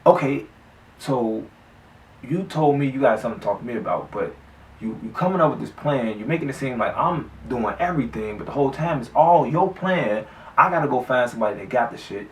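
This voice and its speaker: A man's voice: mid-range voice, lively intonation, brisk, far from the mic, slight background noise. A man vlogger telling a story casually, in slangy, profane speech with many restarts. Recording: echoey room, off-mic.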